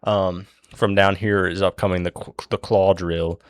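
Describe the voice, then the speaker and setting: A man's voice: low-pitched, level tone, measured pace, clean tone, dry recording. A young man casually retelling a story while he draws it, rambling, swearing and losing his place.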